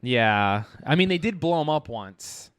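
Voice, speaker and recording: Lively man telling a story on a podcast. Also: fairly high pitch, unhurried, clean tone, dry recording, clean studio sound. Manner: animated storyteller, acting out quotes with profanity. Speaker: podcast co-host. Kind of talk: casual chat.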